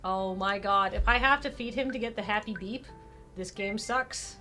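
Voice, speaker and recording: Animated, exasperated young woman streamer. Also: medium pitch, faint music behind. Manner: animated, exasperated, quick asides. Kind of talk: casual game stream commentary.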